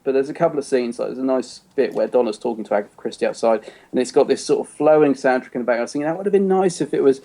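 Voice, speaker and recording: A man with a mellow, warm tone co-hosts a podcast, talking loosely and at length. He circles his points with plenty of "you know" and false starts, in a relaxed conversational style. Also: medium pitch, racing, gravelly, hardly any pauses. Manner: rambling, full of "you know" and restarts. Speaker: podcast co-host. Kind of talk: casual chat reviewing an episode.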